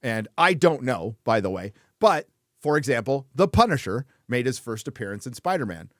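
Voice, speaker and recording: A man's voice: medium pitch, very animated, moderate pace, no echo, clean studio sound. A man hosting a casual chat show, blunt and frequently swearing, laughing between remarks. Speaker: host.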